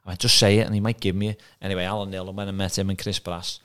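A man's voice: sits low, little pitch movement, racing, a bit bright, smooth. A man, a former footballer turned manager, telling career stories in a casual podcast chat and acting out the dialogue. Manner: chatty anecdotes, acts out quoted dialogue.

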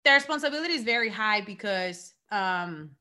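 A woman's voice: mid-range voice, lively intonation, moderate pace, pushed and bright. A woman from Mexico with a Mexican accent, a wrestling champion speaking with passion in an interview, often repeating herself.

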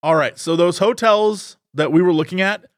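A man co-hosting a podcast in casual chat, excitable and swearing freely. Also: high voice, normal speed, no room sound, studio quality. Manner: excitable, swearing, puts on mock voices. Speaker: podcast co-host.

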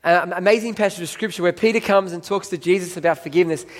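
A man's voice: sits high, fast talker. A man preaching a sermon in a church hall, telling the story emphatically and calling up volunteers from the audience. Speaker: pastor. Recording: long reverb of a large hall.

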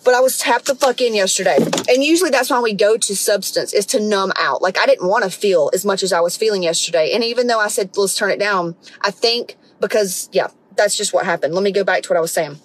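A woman's voice: medium pitch, quick pace, few pauses, poor audio. A middle-aged woman, hosting a podcast and telling a story in a blunt, profane, casual way. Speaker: podcast host. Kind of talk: casual monologue.

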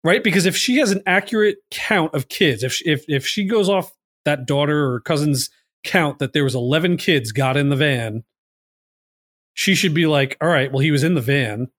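A man's voice: a little high, lively intonation, normal speed, a bit bright, no echo. A man hosting a casual movie podcast, rambling with lots of fillers and "like.". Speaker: podcast host.

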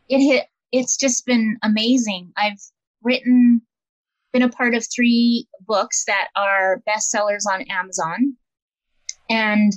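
A woman's voice: fairly high pitch, no room sound, low-quality recording. A woman being interviewed as an empowerment coach, talking in an earnest, reflective way and often restarting her sentences. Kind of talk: casual interview conversation.

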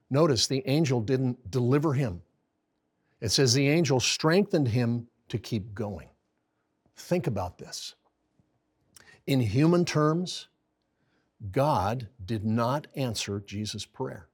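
American man, sermon-style Bible teaching, slow delivery, husky voice, earnest and pleading. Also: mid-range voice. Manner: earnest, rising to pleading intensity when quoting prayers.

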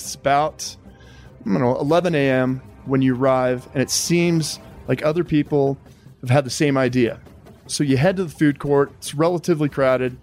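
Relaxed male podcast host. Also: medium pitch. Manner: relaxed, explains rules step by step. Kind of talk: hosting a podcast game segment.

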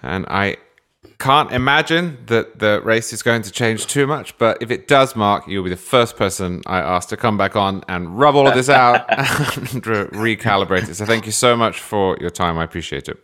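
A man's voice: on the low side, normal speed, bright, forceful tone. An English man hosting a podcast, answering listener questions with dry, wry humor. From England. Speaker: podcast host.

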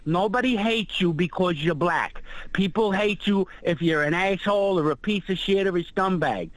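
A man's voice: high voice, moderate pace, no room sound, rough recording. Blunt ranting man, dry sound. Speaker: caller. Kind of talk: phone-in rant.

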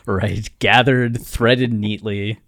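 A man co-hosting a podcast who retells a story in a playful, rambling way. His voice sits fairly low and the sound is dry and close to the mic. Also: very slow, a bit bright, no room sound. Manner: playful, rambling, laughs often. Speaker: podcast co-host. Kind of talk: casual chat, storytelling.

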